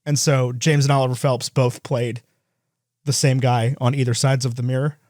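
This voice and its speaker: A man's voice: medium pitch, flat delivery, darkish tone, no echo. Male podcast co-host, chatty and rambling, recorded close and dry. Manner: fast, rambling, laughs while telling stories. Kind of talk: casual chat.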